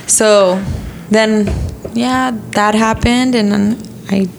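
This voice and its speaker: A woman telling a personal story in relaxed conversation, with a slight gravel in her voice. She is chatty and full of fillers, and acts out what people said. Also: mid-range voice, slow pace, slight background noise. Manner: chatty, many fillers, acts out quoted speech.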